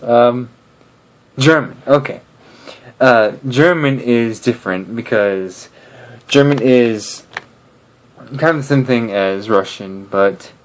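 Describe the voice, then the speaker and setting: Slow, hesitant man chatting. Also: medium pitch. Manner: hesitant, many fillers and restarts. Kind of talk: casual talk to camera.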